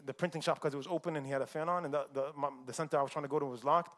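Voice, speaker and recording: A man's voice: fairly high pitch, fairly even intonation, very fast, a bit bright. A man from the United States telling a personal story in a casual, chatty way at a community forum, laughing often.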